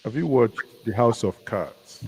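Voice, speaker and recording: A man from Nigeria with a Nigerian accent, chatting as a guest commentator in a casual live discussion, musing and halting with many restarts. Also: medium pitch, animated, a little mellow, breathy edge, poor audio. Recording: faint background noise.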